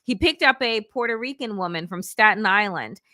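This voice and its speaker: A woman political analyst co-hosting a casual talk show, telling an animated story and acting out what other people said. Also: medium pitch, normal speed. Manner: animated, acts out quoted voices, laughs often.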